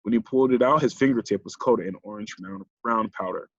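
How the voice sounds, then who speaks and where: A man reading a children's novel aloud as an audiobook narrator, in steady storytelling. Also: lowish voice, brisk, no room sound. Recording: dull lo-fi recording.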